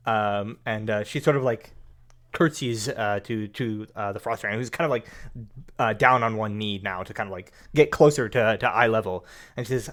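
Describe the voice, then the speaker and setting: Male game master, mid pitch, rambling and hesitant narration. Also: moderate pace, fairly bright tone. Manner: hesitant, heavy with fillers.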